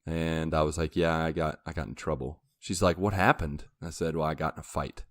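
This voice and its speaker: Young guy with a real low voice, dry close mic, rambling story on a podcast. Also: fairly even intonation, fairly quick, fairly bright tone, no room sound. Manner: rambling anecdote with laughs and acted quotes. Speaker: podcast host. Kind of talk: casual chat, storytelling.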